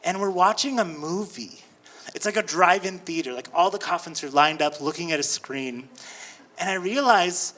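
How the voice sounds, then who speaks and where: Bright-voiced animated male stand-up comic. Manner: animated, jumps into high squealing voices for quoted people. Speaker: stand-up comedian. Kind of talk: stand-up storytelling.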